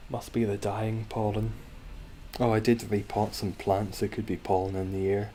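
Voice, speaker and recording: A man's voice: fairly low pitch, flat delivery, normal speed, warm tone, a little hiss or hum. A man streaming a game from home, rambling wryly and chatting with his viewers between moves. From Scotland. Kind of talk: casual livestream chat while gaming.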